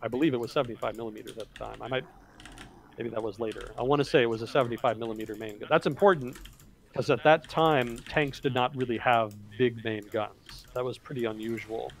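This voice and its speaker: A man's voice: medium pitch, steady tone, quick pace, creaky, a little hiss or hum. A man hosting a livestream, talking casually about history, rambling and correcting himself as he thinks aloud. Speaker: livestream host.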